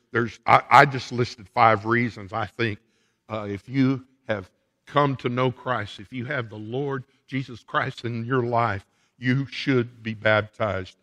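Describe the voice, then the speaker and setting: A man's voice: medium pitch, slow pace, a bit bright, in a large hall. A male pastor preaching a sermon in a church sanctuary, laying out his points one by one with emphasis.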